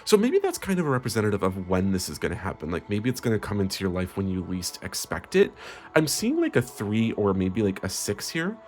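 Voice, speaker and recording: A man's voice: low voice, huge pitch swings, a little fast, few pauses, a little mellow. A man hosting a comedic parody tarot reading, sugary and melodramatic with frequent swearing. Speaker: tarot reader host.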